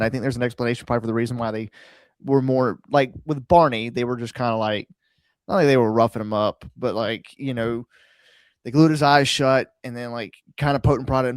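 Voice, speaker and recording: A man's voice: mid-range voice, clear, resonant tone, no room sound, clean studio sound. A man co-hosting a podcast, musing in a rambling, jokey way with plenty of "like" and "you know". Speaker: podcast co-host. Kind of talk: casual chat.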